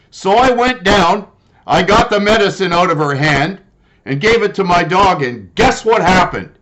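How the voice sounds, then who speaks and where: Older retired guy, kinda high voice, starts formal then gets loud and mad. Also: expressive, normal speed. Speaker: retired pet owner telling a complaint. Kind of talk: personal monologue.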